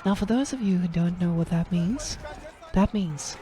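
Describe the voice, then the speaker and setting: A woman with a South African accent, giving chatty, excitable live-stream game commentary and laughing often. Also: fairly low pitch, moderate pace.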